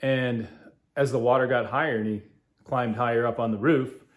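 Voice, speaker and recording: A man hosting a podcast, talking in a halting, earnest way with many fillers. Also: medium pitch, steady tone. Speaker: podcast host. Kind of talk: casual spoken commentary.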